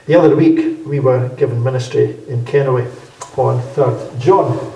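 Preacher in a very echoey hall. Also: male voice, mid-range voice, creaky, warm tone. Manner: measured, emphatic, repeating key phrases. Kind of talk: Bible teaching sermon. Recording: very echoey hall, speaker far from mic.

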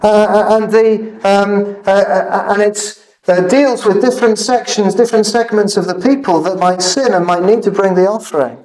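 Earnest male preacher, high-pitched, halting delivery, miked from a distance. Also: darkish tone. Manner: earnest, halting with repeated fillers. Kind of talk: sermon.

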